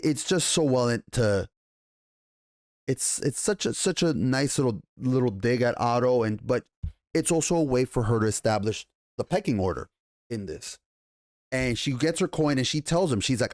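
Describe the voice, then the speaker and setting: A man giving a casual, excited TV episode review, swearing often, restarting sentences and paraphrasing scenes in slangy voices. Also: medium pitch, a little slow, pauses often, dry recording, studio quality. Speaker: TV show reviewer.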